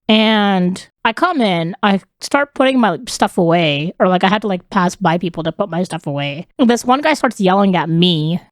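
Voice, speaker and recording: A woman's voice: medium pitch, dry recording, studio quality. A woman co-hosting a podcast, telling stories in casual chat and giggling often. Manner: giggly, laughs through her stories. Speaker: podcast co-host.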